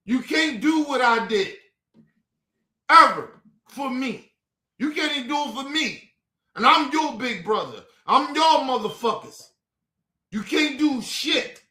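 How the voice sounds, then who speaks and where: A very high-pitched man, his voice pushed and bright, rants heatedly and profanely to his stream viewers. The room is echoey, and he keeps repeating himself again and again.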